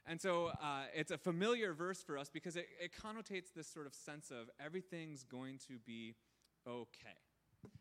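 A man's voice: on the high side, normal speed, a bit bright. A man in his thirties giving a conversational sermon as a pastor, informal and candid, with frequent fillers and restarts. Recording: long reverb.

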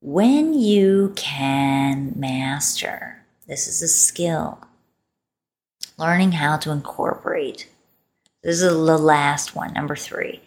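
Woman podcast host, solo talk; slightly low voice, playful and expressive, leans on words for emphasis.

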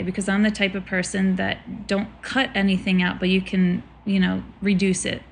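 A woman in her thirties chatting casually as a co-host, telling stories with animated energy. She acts out what others said as she goes. A faint noise floor sits under her voice. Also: mid-range voice, moderate pace, gravelly. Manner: animated storyteller, acts out quotes with laughter. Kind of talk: casual chat.

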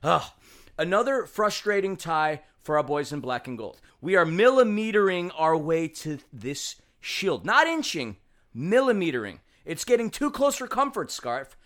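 A man's voice: sits high, fairly bright tone. A man co-hosting a casual sports podcast, wry and jokey with mock-dramatic complaints. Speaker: podcast co-host.

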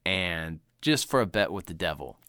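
A man's voice: low-pitched, normal speed, clear, resonant tone, dry recording. A man talks loosely about a film with a co-host, cursing freely and breaking into laughs as he retells scenes. His voice rises and falls a lot, and it sounds dry and close to the mic. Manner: animated, swearing, laughs while retelling scenes. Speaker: podcast co-host. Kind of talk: casual movie chat.

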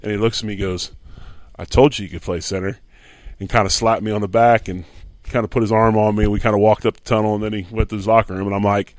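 Lower-voiced man telling a story. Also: very fast, no echo. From Philadelphia, USA. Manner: animated storyteller who acts out quoted dialogue. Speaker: guest, former pro football lineman. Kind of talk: casual anecdotal storytelling.

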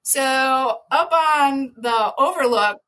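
A woman, a podcast guest, telling an animated story with lots of laughter, sudden loud shouted quotes and many restarts. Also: high voice, slow pace. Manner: lively, laughing, jumps to loud shouts when quoting herself.

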